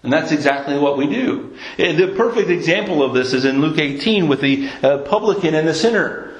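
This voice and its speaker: An earnest male preacher with a somewhat high voice delivers his sermon. He often stumbles and repeats words mid-thought. The room around him is roomy and echoing. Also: expressive, fairly quick. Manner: earnest, repeats words when searching for them.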